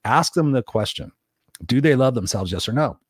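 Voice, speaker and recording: A man's voice: mid-range voice, animated, normal speed, husky, no room sound, clean studio sound. A middle-aged man hosting a solo podcast as a coach, talking bluntly and emphatically, swearing freely and repeating phrases for stress. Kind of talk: unscripted solo podcast monologue.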